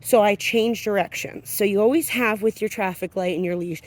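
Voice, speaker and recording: Woman, dog trainer, outdoor walk-and-talk lesson; steady explainer, mid pitch. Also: normal speed. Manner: explains calmly, breaks into high sing-song praise for the dog. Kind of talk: instructional walkthrough while training. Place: outdoors on a street, walking a dog.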